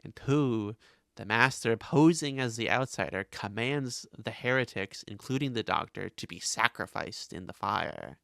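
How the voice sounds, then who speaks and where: A man hosting a casual podcast, recapping with animated delivery and quick asides. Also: mid-range voice, gravelly, no echo, clean studio sound. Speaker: podcast host.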